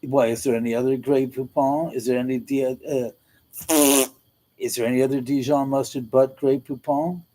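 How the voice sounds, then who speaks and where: A middle-aged man hosts a casual livestream and chats loosely with his viewers. His voice sits at an ordinary middle pitch. He laughs easily and swears freely as he talks. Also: fairly even intonation, normal speed, dark tone, slight background noise, poor audio. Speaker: livestream host. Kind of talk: casual livestream chat reading comments.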